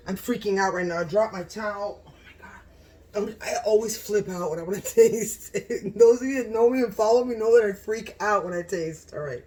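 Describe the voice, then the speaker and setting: A woman hosting a casual home cooking vlog, gushing and excitable, often exclaiming over the food. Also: mid-range voice. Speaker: cooking channel host.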